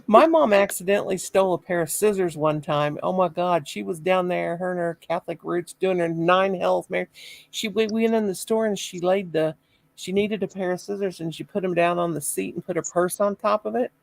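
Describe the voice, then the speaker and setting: A middle-aged woman with a gravelly edge to her voice tells stories with lots of exclamations and laughter. The sound is dry and close, with no room around it. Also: lowish voice, a little fast, dry recording, rough recording. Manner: animated storyteller, laughing, exclamations. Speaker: chat participant. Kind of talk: casual chat, storytelling.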